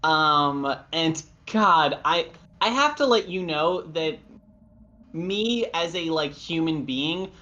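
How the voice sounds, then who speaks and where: A man's voice: on the high side, animated, slow pace, bright, forceful tone. A man narrating a tabletop role-playing game as game master, rambling with fillers and laughing at himself. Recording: dull lo-fi audio.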